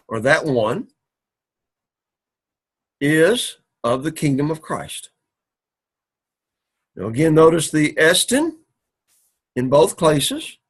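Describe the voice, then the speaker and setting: Husky man lecturing on Greek grammar. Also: on the high side, a bit bright. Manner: patient, drawn-out explaining with many "all righty"s and restarts. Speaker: Greek teacher. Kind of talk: recorded classroom lecture.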